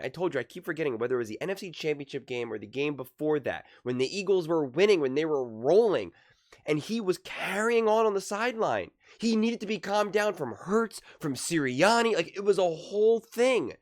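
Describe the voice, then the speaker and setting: A young man with a slightly high voice and moderate pace reacts to a sports debate show with casual, emphatic commentary. He's animated and often acts out what others say, voicing their quotes himself.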